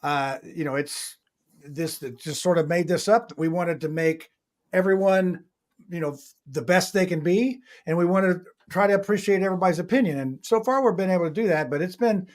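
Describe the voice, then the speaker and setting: A man hosting a talk podcast, relaxed and joking in casual conversation. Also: high-pitched, fairly quick. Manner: relaxed, joking, laughs often. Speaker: talk show host.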